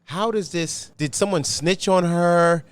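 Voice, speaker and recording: A man's voice: sits high, unhurried, clear, resonant tone. A man hosting a casual podcast, asking curious questions and reacting with frequent exclamations. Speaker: podcast host.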